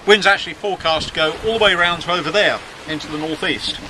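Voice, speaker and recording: A slightly high, bright and forceful voice comes through quickly on a low-quality recording, full of deck wind and wave noise. It belongs to a middle-aged yacht skipper keeping a casual video diary at sea, chatty and wry and happy to mock himself.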